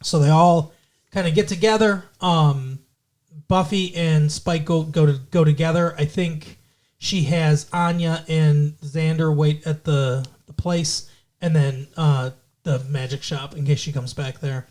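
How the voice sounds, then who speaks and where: A man's voice: fairly high pitch, steady tone, unhurried, a little mellow. A man co-hosting a podcast, recapping a TV episode in a rambling, casual way with lots of fillers and swearing. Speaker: podcast co-host.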